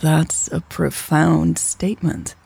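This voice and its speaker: A woman voicing a thoughtful young woman in sales, speaking in a low, measured way. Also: level tone, creaky, a little mellow, husky, dry recording, soft background music, exaggerated voice. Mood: wry.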